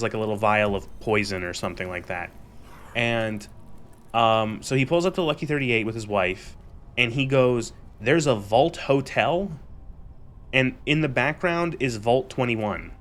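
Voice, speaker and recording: A young man streamer recapping a show in a casual, exasperated rant, animated and swearing freely. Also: mid-range voice, a little hiss or hum.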